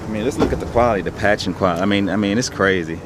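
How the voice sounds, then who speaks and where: A man's voice: lowish voice, very fast, background noise. A young man casually talking through his resale haul in a laid-back, rambling, slangy way. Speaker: online reseller showing his haul.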